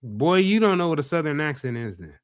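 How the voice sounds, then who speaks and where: A man hosting a casual podcast, talking in an animated, profane way and repeating himself when worked up. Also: a little high, a little fast, no echo, clean studio sound. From Los Angeles area. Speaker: podcast host.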